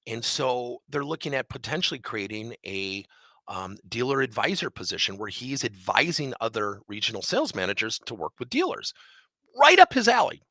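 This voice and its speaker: A man leading a leadership training session, telling a coaching story with animated, acted-out dialogue. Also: mid-range voice, moderate pace, no room sound.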